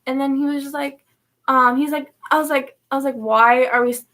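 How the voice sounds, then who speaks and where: A woman's voice: high-pitched, steady tone, fairly quick, fairly bright tone. A woman vlogger telling a personal story in a rambling way, full of fillers and restarts. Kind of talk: casual storytelling vlog.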